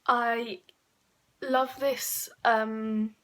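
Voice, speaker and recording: A woman, chatting casually through a makeup tutorial with frequent fillers and quick self-corrections. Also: fairly high pitch, little pitch movement, a bit bright. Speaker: beauty vlogger.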